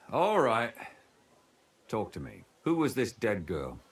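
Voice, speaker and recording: A man's voice: fairly low pitch, wildly swooping pitch, extremely slow, exaggerated voice. An actor playing a weary, bitter former scribe who calls himself a madman, in game voice acting. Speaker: video game character.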